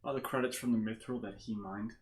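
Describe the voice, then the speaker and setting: A man's voice: on the low side, steady tone, fast talker, a little mellow, echoey room, a little hiss or hum. A man playing a tabletop game, making wry jokes to the table. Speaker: player. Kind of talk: casual tabletop play.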